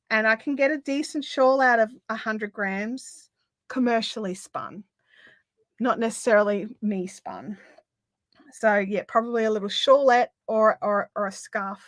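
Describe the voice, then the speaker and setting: A woman's voice: on the high side, bright, forceful tone, no room sound. A middle-aged Australian woman hosting a craft livestream, chatting casually with lots of fillers and reading out viewer comments.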